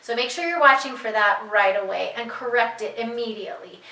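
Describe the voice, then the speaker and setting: A woman's voice: on the high side, fairly quick, sharp tone, echoey room, far from the mic, poor audio. A woman who teaches reading, explaining to parents how to guide their child, patient and repeating her key points. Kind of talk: instructional talk to parents.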